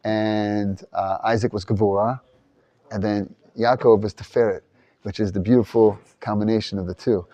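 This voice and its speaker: Mellow-voiced man teaching a casual class. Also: lowish voice, fairly even intonation, normal speed, dry recording, highs cut off. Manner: loose, rambling, thinks aloud with restarts. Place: study hall.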